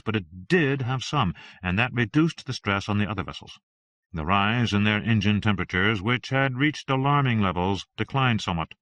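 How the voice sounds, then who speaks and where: Low-voiced man reading an audiobook. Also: a bit bright, dry recording. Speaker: audiobook narrator.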